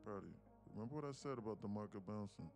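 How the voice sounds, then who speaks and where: A man's voice: on the low side, expressive, rapid-fire, creaky, a little mellow, faint music behind. A man live-streaming his day trading, bantering loosely with chat in slangy, joking talk and cursing freely.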